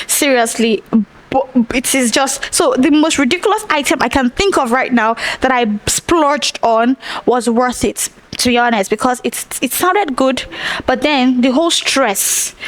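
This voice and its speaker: A young Nigerian woman hosting a podcast, animatedly retelling a story with acted-out quotes. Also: high-pitched. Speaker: podcast host. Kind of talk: casual storytelling monologue.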